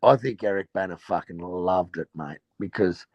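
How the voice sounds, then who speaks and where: Brief: low, gravelly Aussie male host, dry close sound, rowdy storyteller. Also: moderate pace, a little mellow, no room sound, muffled recording. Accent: Australian. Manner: rowdy, profane storytelling, laughing at his own tales. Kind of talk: casual chat.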